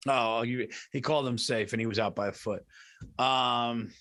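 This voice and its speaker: A man's voice: medium pitch, fairly even intonation, normal speed, fairly bright tone. A man co-hosting a podcast in loose, casual chat, dropping "dude" into nearly every sentence. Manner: loose and chatty, constantly saying "dude". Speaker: podcast co-host.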